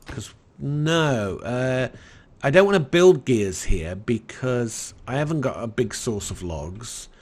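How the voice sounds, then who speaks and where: An Englishman with an English accent giving relaxed let's-play commentary in a soft, soothing, unhurried way. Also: medium pitch. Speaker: game commentator.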